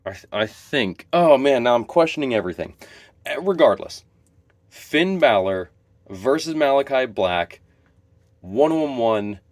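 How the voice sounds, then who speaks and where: A man's voice: mid-range voice, lively intonation, a little slow, no echo. A man talking casually to his viewers, enthusiastic and rambling, often restarting and correcting himself. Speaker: wrestling video creator. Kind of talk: casual solo commentary to camera.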